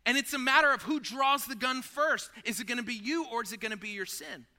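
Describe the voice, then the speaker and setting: A male pastor preaching a sermon in a conversational, animated way, talking to listeners as friends and acting out scenes from a story. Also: extremely high pitch, fairly quick.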